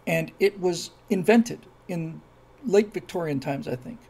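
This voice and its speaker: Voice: medium pitch, a little slow, creaky, slightly rough. A host of an online video show talking casually, with many fillers and restarts, who builds into emphatic speech. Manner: grows animated and emphatic. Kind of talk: casual spoken commentary.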